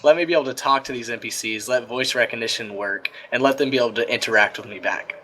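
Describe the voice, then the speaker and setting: Excitable man hosting a gaming roundtable. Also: medium pitch, fast talker, rough recording. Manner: enthusiastic, excitable. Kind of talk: casual gaming roundtable chat.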